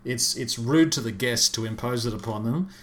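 A man's voice: mid-range voice, moderate pace. A man co-hosting a podcast, giving his views in a blunt, opinionated way. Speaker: podcast co-host. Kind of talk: casual chat.

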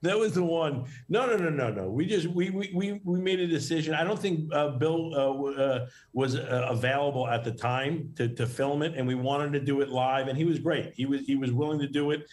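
A man's voice: on the high side, a little fast, hardly any pauses, darkish tone. A middle-aged man from New York, a guest in a casual interview, talking in a rambling way with many restarts and fillers.

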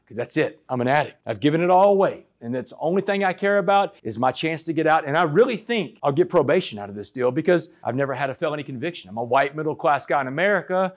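A man in his forties with a drawl, telling a personal story as a motivational speaker, swinging from shouts to hushed asides. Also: fairly high pitch. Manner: dramatic storyteller, shouts and drops to near whisper. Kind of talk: storytelling keynote speech. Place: stage before a live audience.

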